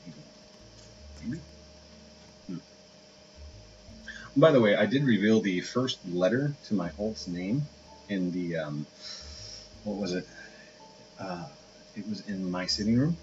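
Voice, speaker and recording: Low-ish guy rambling through a game video, muffled sound, hiss behind. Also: lively intonation, takes it slowly, long pauses, a little mellow, faint music behind. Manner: rambling, chatty, playful. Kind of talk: casual let's play commentary. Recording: dull lo-fi audio with hiss.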